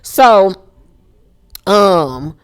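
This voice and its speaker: A woman's voice: mid-range voice, animated, extremely slow, clean tone. A young woman casually recapping a reality show episode, blunt, profane and sassy in her commentary.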